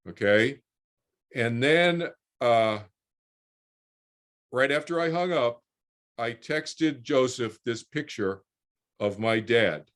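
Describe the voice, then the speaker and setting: A man's voice: on the low side, a bit bright. A man in his sixties telling a personal story as a guest on a video call, rambling with repeated words and restarts. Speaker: guest speaker.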